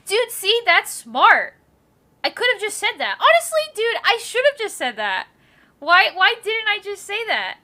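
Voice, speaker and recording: A woman's voice: very high-pitched, very animated, a little slow, pushed and bright. A young woman streamer casually telling a story to her chat, laughing often and swearing freely.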